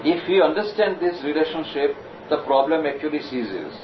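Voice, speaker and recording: A man giving a measured, explanatory scripture lecture and slowly reciting Sanskrit verses. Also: fairly high pitch, animated. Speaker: spiritual lecturer. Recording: distant, roomy, dull lo-fi recording with noise.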